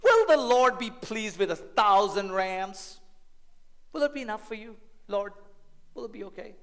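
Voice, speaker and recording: A man's voice: high voice, very animated, a little slow, a bit bright, voice pushed up, heavily acted. A man playing a sarcastic, snotty lawyer. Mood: sarcastic pleading. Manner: sarcastic, pleading, exaggerated. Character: sarcastic, snotty male defense lawyer pleading.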